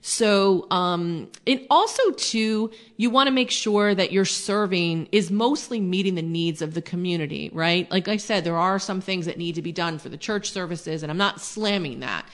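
A woman's voice: lowish voice, normal speed, hardly any pauses. A woman hosting a faith podcast, teaching in an earnest, conversational way with many fillers. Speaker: podcast host.

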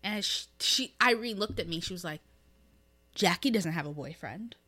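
Giggly, bright-voiced young woman telling a story. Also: lowish voice, animated, normal speed, husky. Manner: giggly storyteller who acts out quoted lines. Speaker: podcast co-host. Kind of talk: casual chat.

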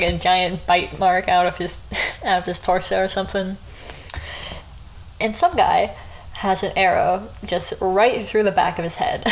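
A woman's voice: fairly low pitch, rough recording. A woman retelling a story in a casual, chatty way, often breaking into giggles. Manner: giggly, chatty, frequent laughs.

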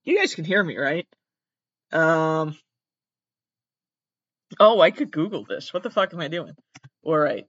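A man's voice: a little high, a bit bright, dry recording, dull audio. A young man hosting a podcast, rambling in a casual, jokey, self-mocking way, talking into a laptop mic. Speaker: podcast host.

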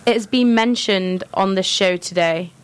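Female co-host, mid-pitched and teasing, relaxed banter. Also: measured pace. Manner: teasing, playful quiz-giver. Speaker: radio co-host. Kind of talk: casual chat.

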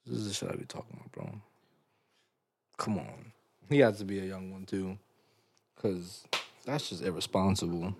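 A man's voice: sits low, moderate pace, gravelly, pauses often, husky, no echo. Young guy podcast host, cracks up a lot, dry close sound. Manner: loud bursts of laughter, animated reactions. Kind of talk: casual chat, reading listener stories.

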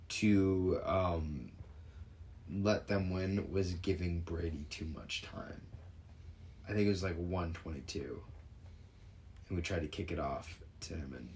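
Young dude with a low voice, cohosting a sports pod, opinionated and kinda pushy. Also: male voice. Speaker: podcast co-host. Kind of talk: casual sports chat.

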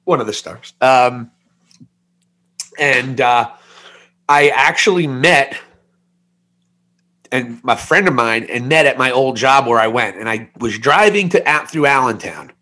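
His medium-pitched voice is expressive, bright, and forceful, moving a little slowly and pausing often. The man, in his forties, co-hosts a casual podcast and shares a frank, wandering story about his own life, peppered with self-mocking jokes.

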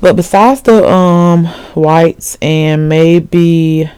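A woman's voice: fairly low pitch, drawn-out words, a little mellow, smooth, no room sound. A woman in her twenties hosting a solo podcast in a rambling, slangy chat full of asides and fillers. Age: 20s. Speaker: podcast host.

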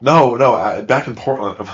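A man's voice: medium pitch, unhurried, muffled recording. A young man chatting casually as podcast co-host, joking and telling stories with many restarts. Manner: joking, storytelling, rambling with restarts. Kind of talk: casual chat.

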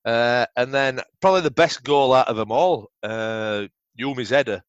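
A man's voice: mid-range voice, normal speed, clean tone, no echo, lo-fi sound. A middle-aged man with a Yorkshire accent telling rambling, sweary football stories in a casual interview. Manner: swears freely, rambling anecdotes. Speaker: podcast guest, former footballer.

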